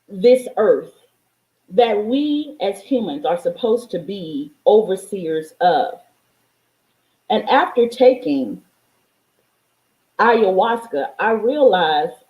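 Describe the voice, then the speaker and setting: Fervent, swearing woman in an echoey room. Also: mid-range voice. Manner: profane, fervent, preachy. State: near tears. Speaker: spiritual vlogger. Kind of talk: emotional spiritual monologue.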